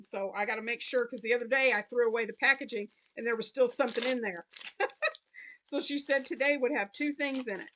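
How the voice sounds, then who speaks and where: A woman's voice: fairly high pitch, a bit bright, a little hiss or hum. A middle-aged woman chatting casually while unboxing gifts in a crafting vlog, often breaking into helpless laughter. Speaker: crochet vlogger.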